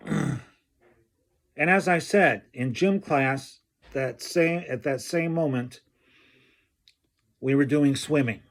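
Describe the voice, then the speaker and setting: A man telling a personal story from his school days, slow and halting, often clearing his throat. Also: medium pitch. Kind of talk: personal anecdote told slowly.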